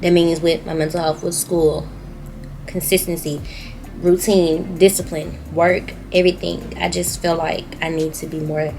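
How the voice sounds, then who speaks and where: A woman's voice: lowish voice, level tone, unhurried, vocal fry, darkish tone, slight background noise, poor audio. A young woman with a Southern US accent, talking candidly to her viewers in a personal video diary. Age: young adult. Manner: candid, emotional, speaking to viewers. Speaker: YouTuber.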